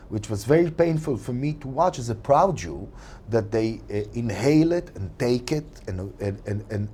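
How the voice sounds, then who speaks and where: A man with an Israeli accent, a native Hebrew speaker, hosting an interview in English, halting and repeating words. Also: mid-range voice, warm tone, slight background noise. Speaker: host. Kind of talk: interview conversation.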